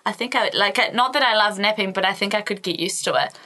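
A woman's voice: mid-range voice, fast, bright, forceful tone. A young woman from New Zealand, co-hosting a casual chat podcast and telling stories with lots of fillers and laughter. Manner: chatty storyteller, many fillers, laughs often. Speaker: podcast co-host.

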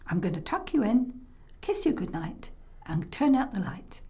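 A woman voicing an exasperated grandmother who switches between soft, hushed soothing and fed-up outbursts. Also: mid-range voice, big pitch swings, moderate pace.

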